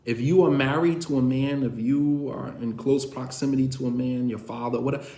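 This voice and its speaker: A man giving a conversational lecture on marriage, speaking directly to his listeners and asking them again and again whether they understand, with animated, sarcastic storytelling. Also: medium pitch, a little fast, echoey room.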